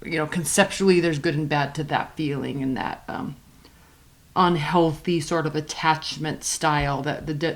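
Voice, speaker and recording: A woman's voice: deep voice, a bit bright. Casual female tarot reader, chatty and emphatic, stretches key words for stress.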